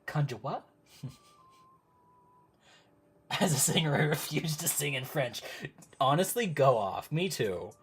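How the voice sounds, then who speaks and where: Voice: mid-range voice, big pitch swings, takes it slowly, long pauses, slight background noise. A live-stream host chatting casually with viewers while crafting at home, easily sidetracked and laughing often. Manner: talks to live chat. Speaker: livestream host.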